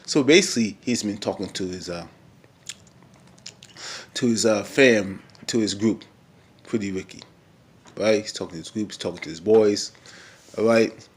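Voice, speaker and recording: A young man talks through last night's reality episode in a loose, rambling way, with lots of fillers and little acted-out quotes. His voice sits a bit low for a man. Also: moderate pace, pauses often, breathy edge. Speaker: episode recap vlogger. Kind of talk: casual reality TV recap.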